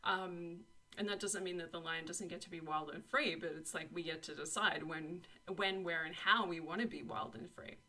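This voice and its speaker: A woman's voice: lowish voice, fairly even intonation, moderate pace, sharp tone. A young woman giving a casual tarot and oracle card reading, effusive and encouraging, with frequent laughs and lots of "like" and "you know.". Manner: effusive and encouraging, full of 'like' and 'you know'; laughs often.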